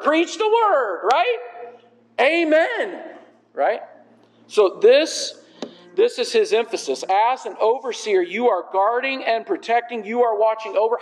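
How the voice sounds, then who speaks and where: A man's voice: high-pitched, in a large hall, poor audio. A man, a pastor, preaching an expository sermon, emphatic and repeating key phrases, asking the congregation questions and answering them. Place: church sanctuary.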